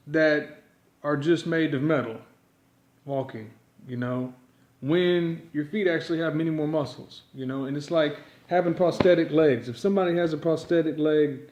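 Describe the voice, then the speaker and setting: Rambling and improvising, a man gives a yodeling lesson stuffed with "you know" and other fillers throughout. His slightly high voice has a darkish tone, and the space around him is reverberant.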